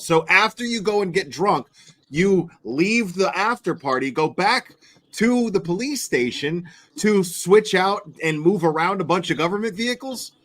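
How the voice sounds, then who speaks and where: Slightly high-voiced man, incredulous chat. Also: animated, moderate pace, fairly bright tone. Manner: incredulous, speculative, laughs at his co-host. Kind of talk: casual profane commentary chat.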